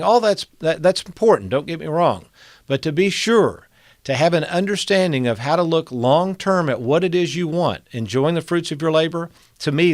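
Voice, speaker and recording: Middle-aged male TV host, earnest sales pitch, dry close sound. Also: no room sound. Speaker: financial TV show host. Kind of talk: direct-to-camera talk.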